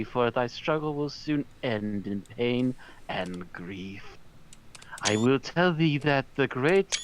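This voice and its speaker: A man's voice: medium pitch, fairly bright tone, poor audio. A man voicing a snaky, menacing male villain, reading archaic game dialogue aloud with slips and restarts. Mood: gloating.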